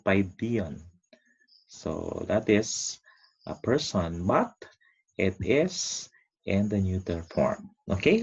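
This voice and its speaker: A man's voice: lowish voice, a little mellow, husky. A man teaching an online lesson, stretching out key words for emphasis. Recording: dull lo-fi recording.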